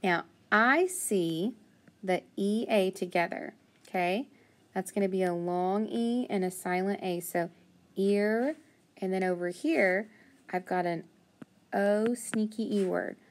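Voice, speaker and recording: A woman teaching a phonics lesson, thinking aloud and patiently sounding out words, with steady praise. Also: medium pitch, takes it slowly.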